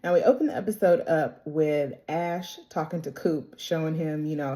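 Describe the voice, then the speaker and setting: A woman vlogger recapping a TV episode in casual, slangy chat, acting out the characters' lines in quick bits. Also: deep voice, mellow. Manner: chatty and slangy, quotes characters in quick impressions; laughs often, talks straight to the characters.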